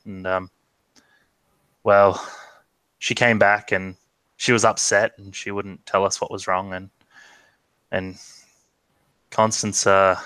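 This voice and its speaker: A man voicing a grave, worried middle-aged farmer and father who speaks quietly and heavily over a video call. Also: low voice, clear, resonant tone, no room sound, full character voice. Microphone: video call microphone.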